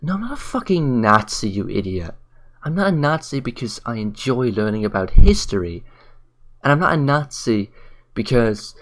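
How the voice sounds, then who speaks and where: A man ranting on camera in a blunt, profane, mocking way, tired late at night. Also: medium pitch. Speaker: commentary vlogger. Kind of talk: ranting commentary.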